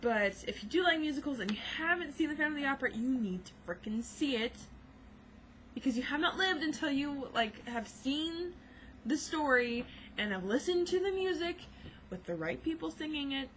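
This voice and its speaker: A woman's voice: sits high, expressive, moderate pace, fairly bright tone, slight background noise, low-quality recording. Gushing young woman vlogging. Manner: gushing, rambling, many fillers. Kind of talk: casual chat.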